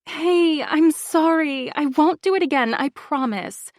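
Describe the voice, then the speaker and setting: A woman reading the part of a falsely caring adult woman in an audiobook, with a soft, sugary manner. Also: sits high, unhurried, dry recording, studio quality, voice pushed up. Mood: apologetic. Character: sweetly concerned manipulative adult woman.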